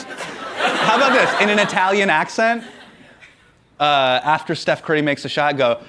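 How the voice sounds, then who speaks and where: A man answering audience questions in a casual comedic Q&A, animated and joking, laughing often. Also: high-pitched, measured pace, long pauses, a loud crowd, heavy background noise.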